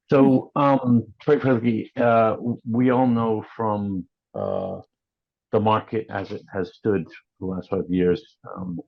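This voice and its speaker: A man speaking as a panelist in a discussion, explaining things in a measured way with many restarts. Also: low voice, vocal fry. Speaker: industry panelist. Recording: muffled lo-fi audio.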